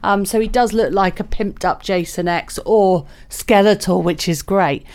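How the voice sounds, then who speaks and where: Woman, radio co-host, casual rambling film chat, mid-pitched everyday voice. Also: unhurried. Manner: chatty, warm, fond asides.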